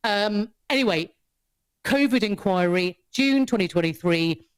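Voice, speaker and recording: A woman's voice: medium pitch, measured pace, clear, resonant tone. Woman guest on a podcast, chatty, swears a lot, laughs a lot, keeps restarting. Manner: animated, swears freely, laughs often, many restarts. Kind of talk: casual chat, storytelling.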